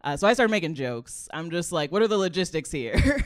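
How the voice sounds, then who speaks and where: A young adult woman comedian telling a personal story in a chatty, animated way, laughing often and using a lot of "like" fillers. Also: fairly low pitch, moderate pace.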